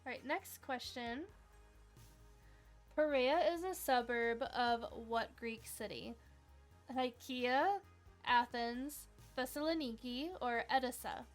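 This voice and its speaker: A woman's voice: a little high, takes it slowly, soft background music. A young woman hosting a casual livestream trivia game, chatty and upbeat, dropping "like" often as she talks to viewers.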